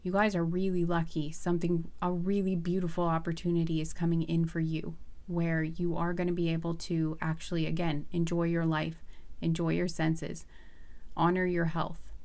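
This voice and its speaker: A woman's voice: lowish voice, level tone, normal speed, a little mellow. Chatty woman giving a tarot reading. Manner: chatty and earnest, with many fillers and restarts. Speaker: tarot card reader. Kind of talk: casual pick-a-card tarot reading to viewers.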